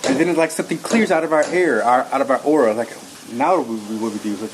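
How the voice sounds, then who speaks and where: A man telling a personal story in an interview. He rambles in an animated way and acts out his own lines as he goes. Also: medium pitch, quick pace, hardly any pauses. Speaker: interview guest. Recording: noisy recording.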